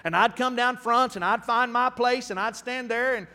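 A man in his fifties preaching a storytelling sermon, folksy and animated, with frequent restarts. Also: very high voice, moderate pace, in a large hall. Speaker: pastor.

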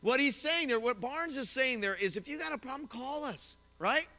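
A middle-aged male pastor teaching a sermon from scripture and commentaries, quick and conversational with reassuring asides to his congregation. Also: extremely high pitch, animated, bright, forceful tone. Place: church sanctuary. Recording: reverberant church hall.

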